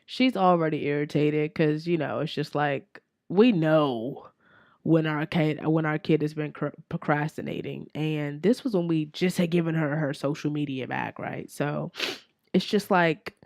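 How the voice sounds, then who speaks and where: A woman podcast host in her forties, candidly telling a family story in a casual, profane, animated way. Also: lowish voice, no room sound, clean studio sound.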